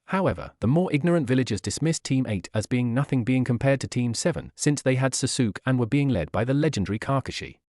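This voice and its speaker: A man narrating a fan fiction story in a steady storytelling manner. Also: mid-range voice, fast talker, hardly any pauses, no echo, studio quality.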